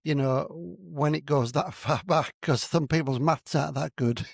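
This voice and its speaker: Guy hosting a chat show interview, talks real slow, slightly high voice, dry close sound. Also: creaky, husky, no room sound. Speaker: host.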